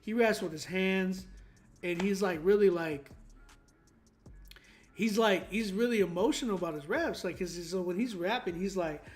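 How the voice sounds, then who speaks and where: A young man hosting a song critique stream, talking in an animated, emphatic way with many fillers. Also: sits high, normal speed, soft background music. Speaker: host giving song critiques. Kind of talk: livestream critique chat.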